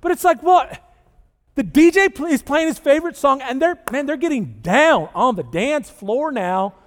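A man preaching a conversational sermon to a church audience, chatty and animated, often tagging his points with a quick question to the room. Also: very high voice. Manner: chatty and animated, tags lines with "right?" and "okay?". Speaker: pastor. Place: church sanctuary with live audience. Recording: long reverb of a large hall.

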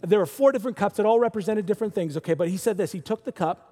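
High-voiced, casual preacher man in a reverberant hall. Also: rapid-fire. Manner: casual, animated, says dude and bro. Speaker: pastor. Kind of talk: sermon.

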